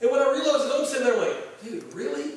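A man's voice: very high voice, fast talker. A man preaching a conversational sermon as pastor, acting out quoted voices, recorded from far off in a large room. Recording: echoey hall, voice from far off.

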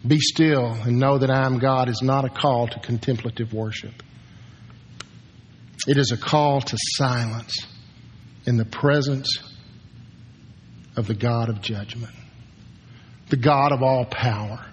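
An older man preaching a sermon as pastor, moving from hushed, slow words to shouted commands for quiet. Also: medium pitch, steady tone, a little hiss or hum. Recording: long hall reverb.

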